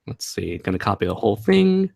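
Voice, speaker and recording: A man's voice: on the low side, big pitch swings, brisk, gravelly, mellow, dry recording, clean studio sound. A man hosting a casual livestream chat, laughing often, swearing and dropping into voice impressions. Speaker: channel host.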